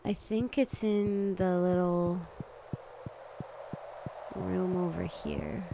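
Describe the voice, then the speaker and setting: A woman's voice: lowish voice, fairly even intonation, very slow, creaky, noisy background. A woman livestreaming a farming game, chatting casually with her viewers and gushing over cute characters. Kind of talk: casual gameplay commentary. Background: game music.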